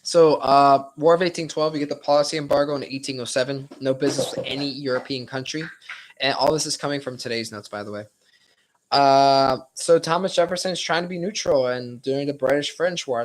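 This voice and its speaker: A man's voice: mid-range voice, brisk, rough recording. A young man leading a casual study-session lecture, loose and rambling with frequent swearing and hedging, his voice a little strained. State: slightly strained voice.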